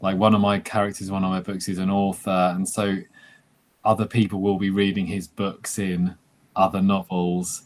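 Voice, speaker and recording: A man's voice: low voice, little pitch movement, moderate pace. A man, a novelist, answering interview questions hesitantly with many fillers, on a video call.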